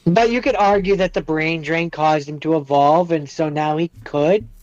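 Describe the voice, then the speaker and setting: A man's voice: fairly high pitch, normal speed, darkish tone, dry recording, highs cut off. A man co-hosting a podcast in casual chat, teasing his co-host with dry quips.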